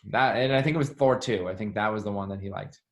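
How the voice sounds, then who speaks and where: A man being interviewed, telling stories in a chatty, animated way with lots of "like". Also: fairly low pitch, fast talker. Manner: chatty, animated, heavy use of "like". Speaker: interview guest, former assistant. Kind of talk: casual storytelling interview.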